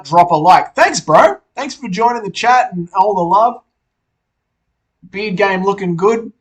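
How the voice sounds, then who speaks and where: A man's voice: on the high side, fairly bright tone. A young Australian man hosting a casual livestream, reading out chat messages, laid-back and swearing freely.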